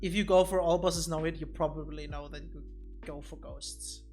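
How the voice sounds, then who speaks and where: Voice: medium pitch, steady tone, normal speed, a little mellow, soft background music. Casual gameplay guide streamer. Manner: thinks aloud, repeats words while explaining.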